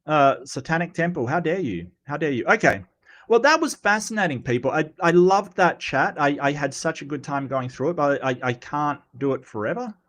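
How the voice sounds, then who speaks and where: A male livestream host in casual commentary, reading chat aloud, chatty and teasing, often repeating words and filling pauses. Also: on the high side, lively intonation, a bit bright.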